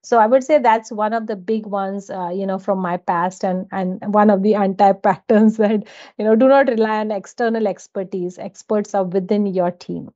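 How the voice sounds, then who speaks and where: A woman's voice: mid-range voice, steady tone, moderate pace, dark tone. A woman from India, a guest telling stories in a casual interview and laughing often between phrases. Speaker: guest, data executive. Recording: dull lo-fi audio.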